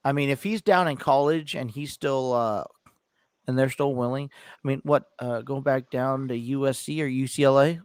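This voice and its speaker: A man's voice: medium pitch, steady tone, moderate pace, clear, resonant tone, no echo, studio quality. A man co-hosting a sports podcast in casual chat, rambling with many restarts and easy laughter.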